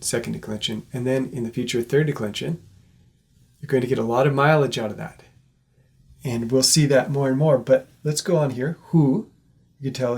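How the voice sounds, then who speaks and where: A man with a slightly husky voice teaches a recorded class. He talks patiently, explains each point step by step and keeps checking that his students are following. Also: medium pitch, a little mellow.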